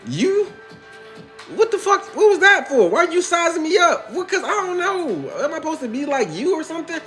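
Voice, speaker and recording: A man voicing his own defensive, suspicious ego self in a comedic self-dialogue sketch, whiny and quick to take offense. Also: very high-pitched, big pitch swings, bright, forceful tone, soft background music, pitched above the performer's own voice, heavily acted.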